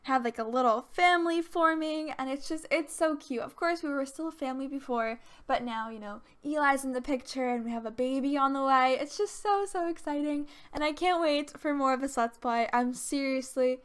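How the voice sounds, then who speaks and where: A woman narrates her gameplay in a chatty, bubbly way, gushing and excitable as she talks to her viewers. Her voice sits high and light. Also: moderate pace. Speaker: let's play host. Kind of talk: casual gameplay commentary.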